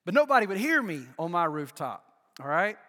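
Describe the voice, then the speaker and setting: An older male pastor preaches with a high, bright, ringing voice. He moves between loud emphatic bursts and quiet, low-pitched asides. His words trail off into a long hall reverb. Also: sing-song, brisk. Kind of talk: sermon.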